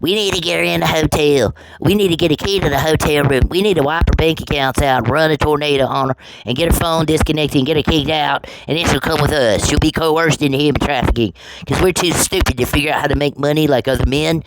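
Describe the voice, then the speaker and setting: A woman's voice: deep voice, fairly even intonation, quick pace, hardly any pauses, pitched above the performer's own voice. A woman mimicking scheming male plotters in a mocking, sing-song parody voice. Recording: noisy with clicks.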